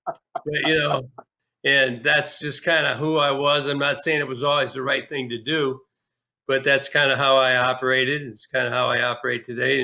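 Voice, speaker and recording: A man's voice: mid-range voice, gravelly, dull audio. A man guest, a former pro ballplayer, telling candid, folksy stories in a casual interview. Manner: animated, candid, folksy with restarts.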